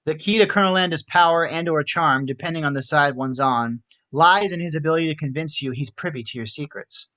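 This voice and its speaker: A man reads the stage directions aloud, slipping in dry, wry commentary as he goes. His voice sits a little higher than most men's, and the recording sounds dull and lo-fi. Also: fairly quick, pushed and bright. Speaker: narrator.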